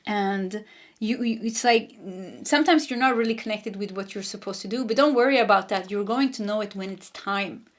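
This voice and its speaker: A woman's voice: mid-range voice, moderate pace. Chatty woman reading tarot. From Sweden. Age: 40s. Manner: chatty, laughs often, wanders off mid-sentence. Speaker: tarot reader.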